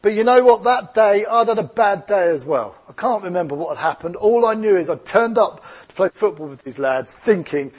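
A man's voice: high voice, lively intonation, moderate pace, hardly any pauses, slightly rough. A man with an Essex English accent preaching a sermon as a pastor, earnest and reflective, mixing scripture with personal stories.

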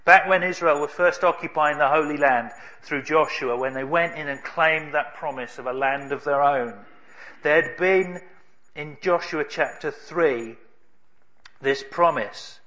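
Bright-voiced male preacher. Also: on the high side, dull audio. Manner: storytelling, emphatic with dramatic pauses. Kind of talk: sermon.

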